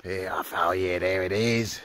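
A man's voice: low-pitched, fairly even intonation, measured pace, a bit bright, a little hiss or hum. A drunk man rambling and swearing through a vlog, slurring and mocking himself. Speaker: vlogger. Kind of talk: rambling vlog during a drinking challenge.

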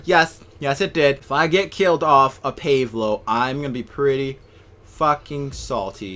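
A young man ranting and swearing over a video game, swinging between yelling and low muttering. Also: normal speed, faint music behind. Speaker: gaming YouTuber. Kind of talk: angry gameplay commentary.

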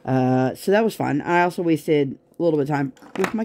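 A woman's voice: low voice, expressive, fairly quick, dark tone, slight background noise. A woman talks to her viewers while she works at a craft table at home. Her chat is loose and rambling, full of tangents and everyday fillers. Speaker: crafting vlogger.

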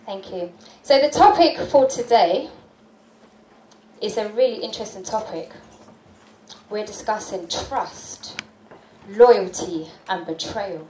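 A woman's voice: mid-range voice, takes it slowly, pauses often, darkish tone, slight background noise. A woman hosting a community speaking event, explaining the program and encouraging the audience. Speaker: host. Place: community hall. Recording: echoey hall, distant mic.

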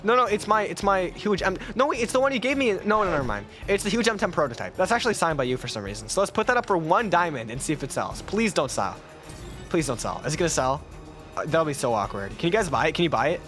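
A young man giving excited commentary on his gameplay as a YouTuber, laughing and exclaiming often. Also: sits high, fast talker, faint music behind. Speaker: gaming YouTuber.

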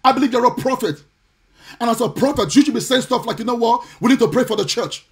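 High-pitched guy preaching on a facebook live, fired up, repeats stuff a lot, kinda sing-song. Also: expressive, fast talker. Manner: forceful, repetitive, indignant, sometimes sing-song cadence. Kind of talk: impassioned preaching on a live stream. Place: home or church, streaming live.

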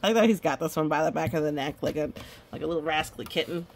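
A woman's voice: sits low, racing, a little hiss or hum. A woman reading a children's picture book aloud, chatting and delighting over the illustrations. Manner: chatty, amused, commenting on pictures. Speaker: storybook reader.

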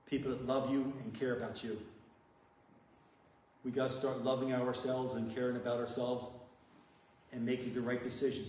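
A man's voice: mid-range voice, darkish tone, distant mic, a little hiss or hum. A man giving a testimony speech as a guest speaker at a recovery meeting, plain-spoken and earnest as he tells his story. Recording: echoey hall from afar with music.

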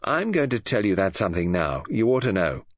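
A man's voice: on the low side, very animated, fairly quick. A man voicing a languid, offhand young woman, teasing and arty, in an audiobook reading. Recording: dull lo-fi audio.

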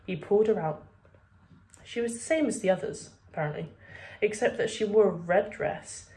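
A woman reading a children's book aloud with steady, expressive narration. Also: mid-range voice, normal speed. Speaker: reader. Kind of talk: storybook read-aloud.

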